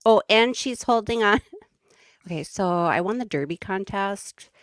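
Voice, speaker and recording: A woman's voice: mid-range voice, lively intonation, a little slow, dry recording, clean studio sound. A woman with a Midwestern accent, a guest chatting casually and giggling as she tells a story. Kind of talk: casual chat.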